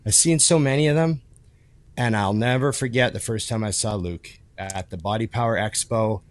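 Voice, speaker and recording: A man's voice: on the low side, normal speed, no echo. A man co-hosting a podcast, telling stories in casual chat with plenty of cursing. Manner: profane, animated storyteller. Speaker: podcast co-host.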